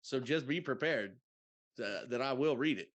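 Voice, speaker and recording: A man's voice: mid-range voice, animated, normal speed, fairly bright tone, lo-fi sound. Joking male podcast co-host. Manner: joking, profane banter. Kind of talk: casual chat.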